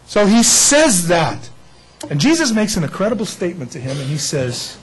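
A man preaching an Easter sermon in a lively way, acting out the people in the story. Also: high-pitched, normal speed, a little hiss or hum, rough recording. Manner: animated, acts out bible figures. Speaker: pastor.

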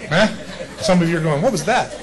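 A man preaches a sermon to his congregation. His voice sits fairly high, and he talks in an animated, conversational way, breaking into little acted-out voices and asides. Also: a little fast, a crowd in the background, low-quality recording. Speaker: pastor.

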